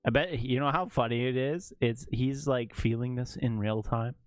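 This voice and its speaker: A man's voice: mid-range voice, moderate pace, few pauses, dry recording. A man streaming, chatting casually while editing photos, joking and laughing often.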